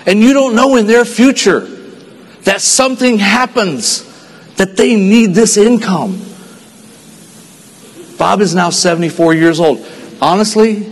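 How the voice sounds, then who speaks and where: A man from Texas giving an earnest motivational stage speech at a sales convention, telling a story and dropping his voice quiet for the sad parts. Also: high voice, a little slow, pauses often. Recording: long hall reverb.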